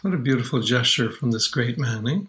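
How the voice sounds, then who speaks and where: An older man from Canada, a singer telling stories of his songs in an interview, earnest and unhurried. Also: medium pitch, fairly bright tone, rough recording. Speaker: children's singer and guest. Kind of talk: warm reflective interview talk.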